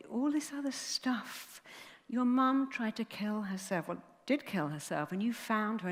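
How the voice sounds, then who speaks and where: A middle-aged woman, a therapist telling a story on stage with animated delivery and acted-out quotes. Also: mid-range voice. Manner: animated, acts out quoted voices. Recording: long hall reverb.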